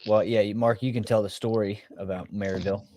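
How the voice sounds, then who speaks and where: A man's voice: lowish voice, fairly even intonation, fast, warm tone, no echo. A man hosting a podcast in casual chat, hesitant with many fillers as he steers the talk.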